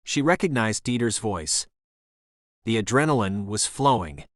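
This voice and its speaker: A man narrating an action thriller audiobook in a steady, even reading voice. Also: fairly low pitch, a little slow, no room sound, studio quality. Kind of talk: scripted narration.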